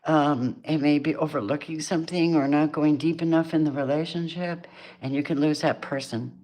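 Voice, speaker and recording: A middle-aged woman talks through a tarot reading in a casual, chatty way. Her voice sits low, and she laughs often and slips into playful voices for the people in the cards. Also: steady tone, normal speed, darkish tone. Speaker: tarot reader.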